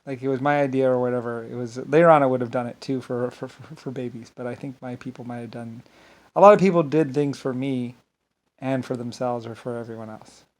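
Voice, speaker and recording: A man's voice: mid-range voice, steady tone, brisk. A man giving a meandering, grandiose unscripted monologue, often repeating himself. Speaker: solo speaker.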